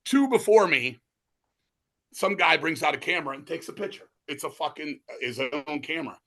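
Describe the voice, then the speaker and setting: A middle-aged man telling animated, profanity-heavy stories in a casual interview. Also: a little high, moderate pace. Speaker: guest musician.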